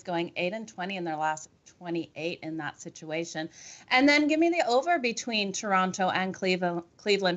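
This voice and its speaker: A woman's voice: fairly low pitch, a bit bright, highs cut off. Woman giving sports betting picks. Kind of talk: casual sports betting chat.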